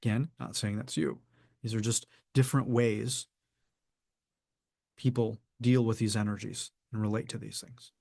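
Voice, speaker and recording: Guy giving a calm coaching talk, acts out quotes, dry close mic. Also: fairly low pitch, vocal fry, slightly rough, no echo. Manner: measured, acts out quoted people. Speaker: spiritual coach.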